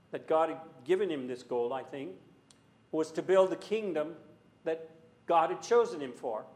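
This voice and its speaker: A man preaching a sermon in a church, earnest and full of rhetorical questions, sometimes rising to loud emphasis. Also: a little high, echoey room.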